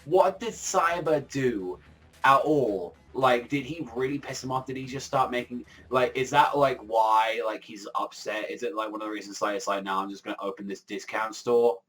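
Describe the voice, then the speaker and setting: A young man giving a casual manga review in a rambling, excitable, profane way, full of filler words. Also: mid-range voice, moderate pace.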